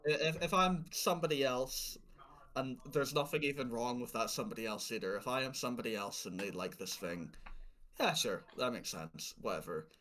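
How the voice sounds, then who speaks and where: A man's voice: medium pitch, brisk, fairly bright tone. A man co-hosting a podcast, rambling in exasperation and swearing freely in casual chat. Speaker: podcast co-host.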